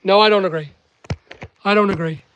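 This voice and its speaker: A man's voice: high voice, fairly even intonation, fairly quick, fairly bright tone, slight background noise. A man with a mixed Northern Irish and English accent, chatting to viewers while packing orders, teasing and joking with his staff. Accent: Northern Irish-English mix. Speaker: online seller and channel host. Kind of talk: casual live-stream chat while packing. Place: packing workspace with staff nearby.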